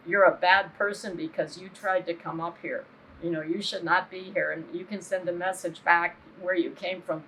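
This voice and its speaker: A woman's voice: on the low side, vocal fry, a bit bright, slight background noise, rough recording. An older woman giving an impassioned interview as a human rights activist, earnest and indignant, often checking in with "right?".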